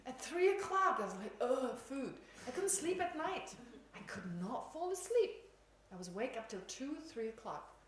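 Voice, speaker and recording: Chatty woman giving a lively dharma talk. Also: sits high, normal speed, a little hiss or hum. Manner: chatty, laughs often, self-mocking. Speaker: Buddhist teacher. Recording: echoey room, faint ambience.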